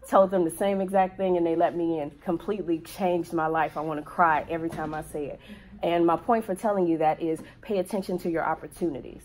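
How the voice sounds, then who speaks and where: A woman with a slightly low voice speaks on a panel, telling a personal story to an audience. She talks in an earnest, heartfelt way.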